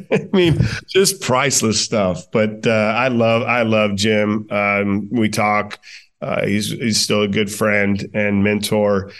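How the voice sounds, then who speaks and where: A man's voice: fairly low pitch, steady tone, slow pace, fairly bright tone. A man in his forties, a guest on a podcast, telling chatty stories full of fillers and laughing through them. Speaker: guest, baseball manager. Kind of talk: casual interview storytelling.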